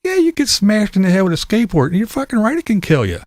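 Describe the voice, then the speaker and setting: A man's voice: high voice, huge pitch swings, fast, no echo. Middle-aged man, casual ranting vlogger, profane and blunt, dry recording. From Pennsylvania. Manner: blunt, profane, laughs between points. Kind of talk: casual opinion monologue.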